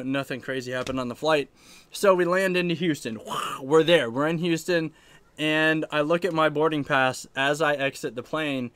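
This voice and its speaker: A man tells a travel story on a live stream from his own room. His voice sits a little high and sounds close and dry, with no room echo. He rambles and laughs, talking casually to his viewers. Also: clear, resonant tone. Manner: rambling, animated, laughs often. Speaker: arcade channel host.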